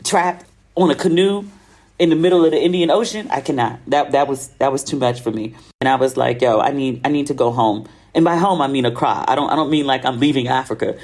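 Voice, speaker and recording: Her voice is extremely low and a little mellow, and she talks briskly. This American podcast host tells a travel story solo, casual and chatty, with slang and laughs mixed in.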